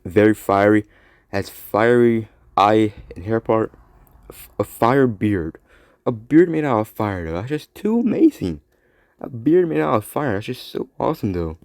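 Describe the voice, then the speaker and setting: A man hosting a solo podcast, rambling excitedly about action figures. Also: fairly low pitch, moderate pace, dry recording, clean studio sound. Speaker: podcast host. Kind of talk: casual solo commentary while playing with action figures.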